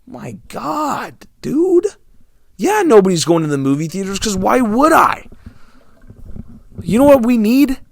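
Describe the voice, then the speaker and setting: A man's voice: high voice, big pitch swings, moderate pace, long pauses, no room sound. A young man ranting casually to his viewers about movies and theaters, sarcastic and exasperated, dropping to mumbles and then flaring up. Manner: exasperated, sarcastic, swinging between mumbles and outbursts. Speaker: movie vlogger.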